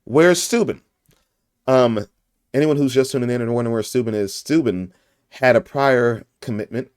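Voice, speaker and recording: A man's voice: mid-range voice, normal speed, smooth, no room sound, clean studio sound. Goofy joking podcast host, a man. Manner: joking, goofy, laughs often. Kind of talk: casual podcast chat.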